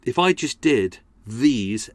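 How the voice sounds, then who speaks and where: Podcast guy waffling, sweary, self-mocking, pitch all over the place. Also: very animated, slow, no echo. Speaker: podcast host. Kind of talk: casual chat.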